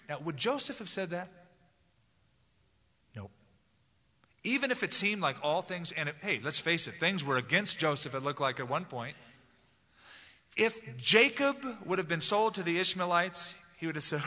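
A man preaches an expository sermon with a lively, swooping delivery, acting out the people in the story in little voices. His voice is bright and fairly high for a man. A long reverb from a large church hall trails behind him. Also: normal speed. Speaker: pastor.

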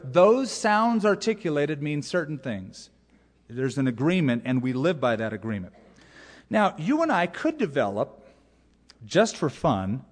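A man, a pastor, preaching a sermon with emphatic, repeated key phrases. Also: a little high. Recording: long hall reverb.

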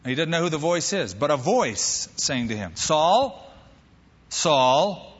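A man preaching a sermon as pastor, lively and animated, acting out quoted voices. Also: fairly high pitch, normal speed, slightly rough, big-room sound, dull audio.

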